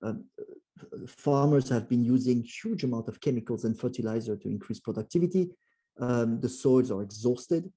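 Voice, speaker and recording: Husky and mid-range, this man talks at a normal speed. He's a French-accented guest speaker from France addressing a club, frequently restarting with fillers and bringing quoted voices to life.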